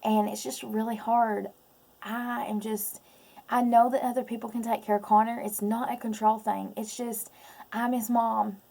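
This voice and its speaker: Woman, 30s, personal vlogger, tearful and halting, slightly high, fry-heavy voice. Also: level tone, dark tone. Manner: tearful, halting, many pauses and ums. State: close to crying. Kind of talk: emotional personal vlog.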